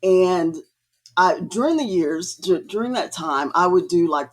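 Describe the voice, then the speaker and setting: A woman guest telling her story in a casual interview, chatty and lively, acting out remembered conversations. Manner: chatty, acts out quoted dialogue with rising pitch. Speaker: guest artist.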